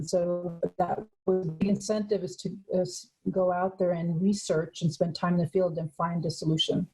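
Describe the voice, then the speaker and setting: Mellow-voiced woman on a webinar. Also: lowish voice, flat delivery, husky, poor audio. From San Francisco, USA. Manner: unhurried storytelling, pausing often. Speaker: author and guest speaker. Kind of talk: webinar presentation. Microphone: video call.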